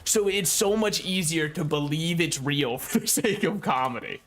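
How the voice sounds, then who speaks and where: A man's voice: a little high, normal speed, a bit bright. Rambling joking man over game music. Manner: rambling, joking, frequent laughs and asides. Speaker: gaming YouTuber. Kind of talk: casual gameplay commentary.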